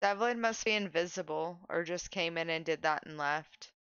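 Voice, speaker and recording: A woman's voice: on the low side, normal speed, a bit bright, clear, resonant tone, no room sound. A woman live streamer telling a funny story in casual chat, often laughing mid-sentence, on a dull lo-fi stream mic.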